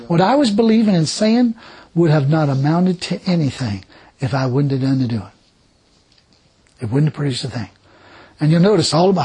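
Male preacher, husky and higher-pitched, swinging his intonation widely, emphatic and repetitive, calling out praise. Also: mellow. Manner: laughs between points. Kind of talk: sermon.

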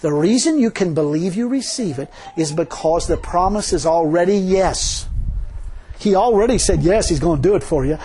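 A man's voice: fairly high pitch, a little mellow, a little hiss or hum. A man preaching a fervent, folksy sermon and leading a closing prayer, laughing often between points. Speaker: pastor.

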